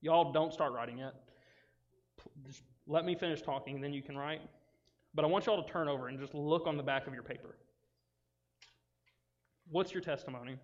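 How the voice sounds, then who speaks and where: A man gives a casual, animated youth sermon, acting out the voices of friends and Bible characters. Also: fairly high pitch, brisk, pauses often. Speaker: youth pastor. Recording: dull sound with long reverb in a hall.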